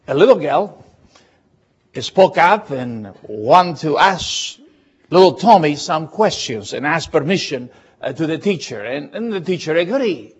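Man, pastor, sermon, slow halting delivery, husky, muffled sound. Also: fairly high pitch, expressive.

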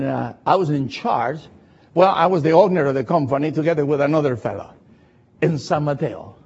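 An older man delivers a sermon in slightly higher-than-usual, husky tones. He speaks slowly and deliberately in non-native English, drawing out scripture for emphasis. The recording is dull and lo-fi. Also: a little mellow. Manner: deliberate, slows to stress scripture. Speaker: preacher.

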